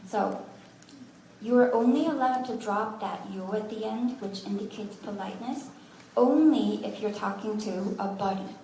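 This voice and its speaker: A woman's voice: medium pitch, normal speed, warm tone, a little hiss or hum. A woman teaching a language class, patiently sounding out words syllable by syllable with good-humored asides. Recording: echoey room, from far off.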